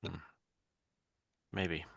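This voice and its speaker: A man's voice: extremely slow, fairly bright tone, dry recording, clean studio sound. A man playing a tabletop game, terse and skeptical. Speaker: player. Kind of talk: casual tabletop play.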